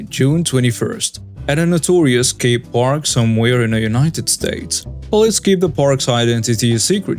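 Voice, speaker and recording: A man narrates stories in a steady, scripted reading voice. His pitch sits in the middle of the usual male range. Quiet background music plays beneath him throughout. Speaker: story channel narrator. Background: faint background music.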